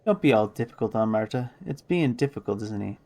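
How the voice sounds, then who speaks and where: A man's voice: on the low side, expressive, brisk, warm tone. A man voicing a grumpy old woman seamstress in a video game, muttering to herself in a sing-song way. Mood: muttering, cranky.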